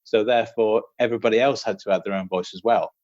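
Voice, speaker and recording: A man's voice: on the low side, fairly even intonation, fast talker, darkish tone, no room sound. A British man, a guest author, chatting casually on a podcast in a rambling, self-deprecating way and laughing often. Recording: slightly dull, lo-fi sound.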